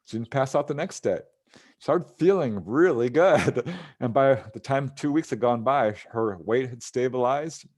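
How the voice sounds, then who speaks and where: A man's voice: medium pitch, expressive, normal speed, a little mellow. A man, a ufologist guest, recounting a case in casual interview talk, voicing the people he quotes and chuckling as he goes. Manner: recounts cases, acting out quoted voices with chuckles.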